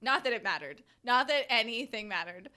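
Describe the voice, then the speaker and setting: A young woman co-hosting a casual chat about a movie, talking in a rambling way full of "like" and quick giggles. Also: on the high side, animated, bright, forceful tone. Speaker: podcast co-host.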